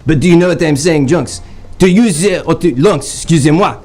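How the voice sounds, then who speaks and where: A man doing a self-important butterfly hunter with a thick mock-French accent and a fairly high, light voice. He talks in grand, clumsy stage-French phrases, with faint music under him on a live comedy stream. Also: a little mellow. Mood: grandiose. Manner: overblown, haughty, halting stage-French phrasing. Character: pompous male French butterfly collector. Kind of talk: improv comedy character.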